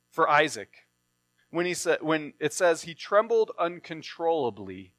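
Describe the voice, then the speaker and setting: A man's voice: a little high, a bit bright, dry recording. A man reading a Bible passage aloud and then explaining it in a plain sermon style. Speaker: preacher.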